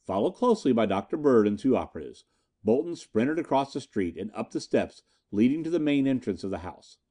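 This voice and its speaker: Lively male audiobook narrator. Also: mid-range voice, a little fast. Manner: lively storytelling. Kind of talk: audiobook reading of pulp fiction.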